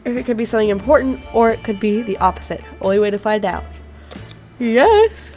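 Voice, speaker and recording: A woman's voice: medium pitch, fairly even intonation, quick pace, warm tone. A woman YouTuber giving chatty, reactive commentary on a game, reading its text aloud and swearing freely. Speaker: gaming YouTuber. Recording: faint game music behind.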